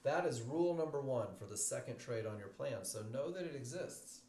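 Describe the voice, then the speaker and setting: A man's voice: medium pitch, expressive, brisk, mellow. A man teaching a live trading webinar. He speaks with emphasis, repeats his key phrases and calls his class "guys". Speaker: trading instructor. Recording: echoey room, faint noise.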